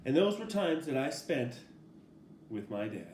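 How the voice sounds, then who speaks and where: A middle-aged man, a father, casually telling a family story in a relaxed, rambling way, laughing often as he goes. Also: medium pitch, measured pace, slight background noise. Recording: roomy echo.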